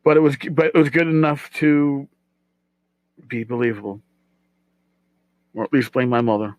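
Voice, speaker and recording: A man's voice: medium pitch, little pitch movement, moderate pace, a little mellow, dry recording, poor audio. A middle-aged man hosting a casual solo podcast, rambling and self-deprecating, repeating his words as he goes. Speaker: podcast host.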